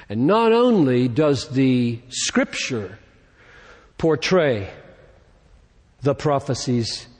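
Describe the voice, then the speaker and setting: A man preaching a sermon in an earnest tone, his voice rising and growing louder as he reads scripture. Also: mid-range voice, big pitch swings, extremely slow, pauses often, big-room sound. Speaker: pastor.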